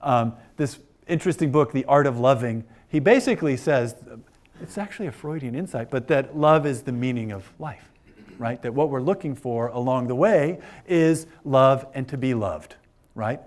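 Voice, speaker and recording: A man's voice: medium pitch, lively intonation, moderate pace. A man giving an informal philosophy lecture to a class of older adults, chatty and joking with frequent fillers. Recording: lecture room.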